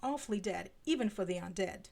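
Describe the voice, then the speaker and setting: A playful teenage boy sidekick who jokes and teases, voiced by a woman reading a story. The voice has a gravelly texture and a light, bantering delivery. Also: mid-range voice, lively intonation, a little fast, mellow. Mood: teasing.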